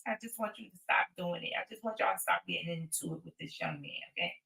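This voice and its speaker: A woman's voice: fairly low pitch, fast talker, gravelly, sharp tone, roomy sound. Rambling, profane woman livestreaming. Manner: rambling, profane, talks straight to viewers. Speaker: livestream host. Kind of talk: casual livestream chat. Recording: voice a bit distant from the mic.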